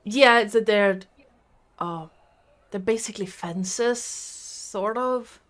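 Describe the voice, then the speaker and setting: A woman voicing a dockside local in an improvised tabletop game, halting and full of restarts. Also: mid-range voice, a bit bright. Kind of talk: improvised tabletop role-play.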